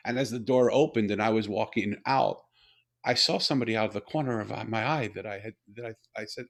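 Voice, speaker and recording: A middle-aged man, an author and company head, telling a personal story in an unhurried, reflective way during a conversation. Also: fairly low pitch. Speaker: author and CEO, interview guest.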